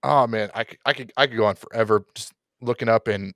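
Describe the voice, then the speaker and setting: A man's voice: medium pitch, fast talker, a bit bright, no echo, studio quality. A man co-hosting a football podcast, chatting eagerly and often tripping over his words. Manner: enthusiastic, stumbling over words. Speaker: podcast co-host. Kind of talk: casual chat.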